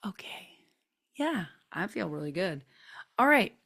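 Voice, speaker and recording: A woman hosting a group video call, chatty and gently coaxing as she guides a neck stretch with soft, drawn-out cues. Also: medium pitch. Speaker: host leading a group session. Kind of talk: casual guided stretching instruction. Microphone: computer mic on a video call.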